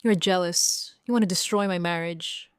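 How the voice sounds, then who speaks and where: A woman reading the lines of an angry, betrayed older sister in a plain, even voice. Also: lowish voice, moderate pace, clear, resonant tone, dry recording, clean studio sound, lightly acted.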